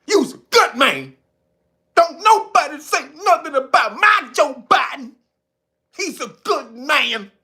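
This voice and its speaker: Man mimicking a devoted male supporter, slow sing-song drawl, high voice. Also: very animated, pushed and bright, full character voice. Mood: pleading.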